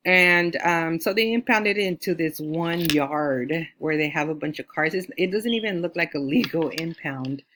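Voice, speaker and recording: Female astrologer from California, lowish voice; rambling casual storyteller who acts out quotes. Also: normal speed, hardly any pauses, fairly bright tone, a little hiss or hum. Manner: chatty, with many fillers like "you know"; acts out quoted lines in a higher voice.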